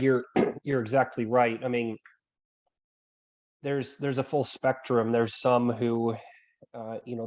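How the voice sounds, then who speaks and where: A man with a level voice that barely rises or falls, calmly explaining what members go through on a group call. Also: mid-range voice. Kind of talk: panel discussion on a video call.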